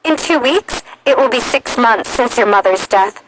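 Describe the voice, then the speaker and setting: A woman reading a storybook, voicing an anxious, affectionate young society girl in a soft, eager, raised voice. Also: a little high, animated, normal speed, slight background noise, voice pushed up, low-quality recording. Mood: worried, soothing.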